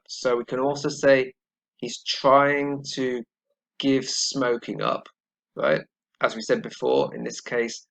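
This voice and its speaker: A man's voice: mid-range voice, vocal fry, a bit bright, rough recording. A man teaching an English grammar lesson, explaining patiently and checking in with "right?" after most points. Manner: explains slowly, often adds "right?" and "all right?".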